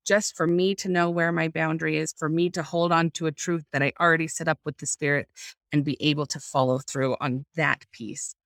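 A woman with a low, slightly bright voice talks briskly with fairly even intonation, recorded at studio quality with no room sound. She's a guest on a video call, speaking earnestly about faith and parenting while reflecting aloud and searching for words.

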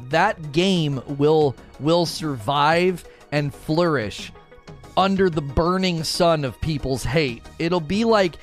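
A man in casual gaming chat as a YouTuber host, laughing often and repeating phrases. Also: a little high.

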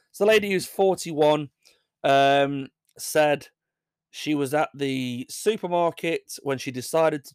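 A young English man with a higher voice hosts a casual chat show, recorded dry at studio quality. He reads odd news stories and rambles through jokey asides that make him laugh.

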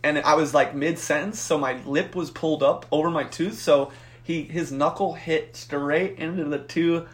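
A young man co-hosting a podcast, telling a profane story in a casual, animated way and acting out the voices in it. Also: a little high, moderate pace. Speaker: podcast co-host.

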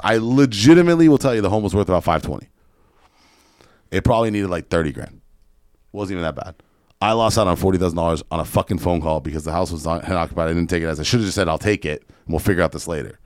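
Fast-talking low-voiced man telling a story. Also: no room sound, studio quality. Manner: fast, profane, animated storyteller. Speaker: podcast guest, real estate investor. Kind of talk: casual storytelling chat.

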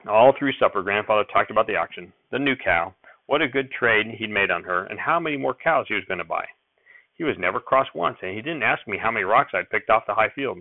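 A man narrating a first-person story as an audiobook reader, in a plain, steady storytelling way. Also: lowish voice, fairly quick, vocal fry, dry recording, narrow, tinny audio.

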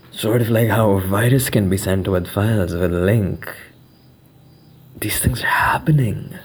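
A young man, hosting a reflective monologue podcast, musing aloud, slipping into Urdu phrases and dropping into hushed whispers. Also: low-pitched, husky. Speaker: podcast host.

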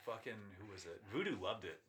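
A man's voice: lowish voice, very animated, brisk, a bit bright, a little hiss or hum. A man who performs stand-up comedy, talking casually and rambling with self-mocking humor. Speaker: stand-up comic. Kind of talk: casual chat.

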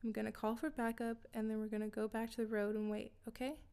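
A woman reading the lines of a calm, reassuring male federal agent in a story narration. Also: on the high side, quick pace, smooth, close to an everyday voice.

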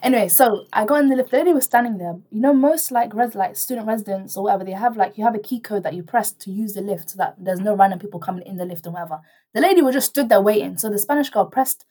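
A young woman appears as a guest in a casual chat, telling a story in an animated, rambling way with many restarts and bits of quoted dialogue. Her pitch is medium.

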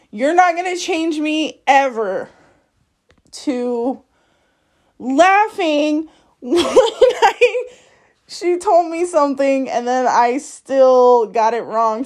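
Slow-talking high-voiced woman, frank and profane. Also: darkish tone. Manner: frank and profane, laughs often while telling. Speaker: podcast host. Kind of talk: candid personal monologue.

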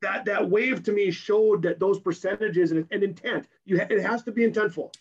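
A strength coach, a man, explaining his training program in rapid, technical detail in a podcast interview while hoarse from losing his voice. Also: high-pitched, fairly even intonation, lo-fi sound. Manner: rapid and technical, keeps tagging "right?".

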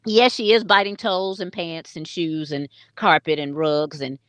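This co-host is a middle-aged woman with a lowish voice and a measured pace, recorded dry with a clean tone. Chatting casually on a podcast, she tells animated stories, laughs often, and acts out the quotes.

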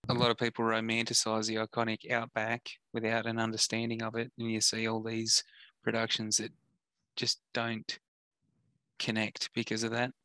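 Flat-toned, measured Australian man. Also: on the low side, smooth, no echo. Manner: measured, reasoned counterpoints. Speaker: podcast co-host. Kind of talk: casual chat reviewing film trailers.

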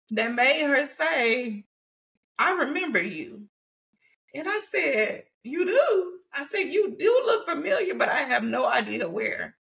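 High, gravelly woman telling a lively story. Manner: animated storytelling, laughing often. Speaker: podcast host. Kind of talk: casual faith conversation.

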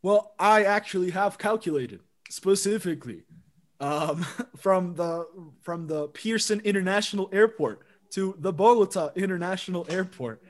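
High-voiced young man rambling casually. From Colombia. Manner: rambling storyteller, lots of fillers and swearing. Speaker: podcast co-host. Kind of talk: casual chat.

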